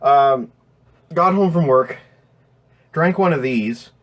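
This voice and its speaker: Slow-talking man rambling on a live stream. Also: mid-range voice, fairly bright tone. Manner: rambling, swears, reads chat names aloud. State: strained throat from voiceover work. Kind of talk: casual live stream chat.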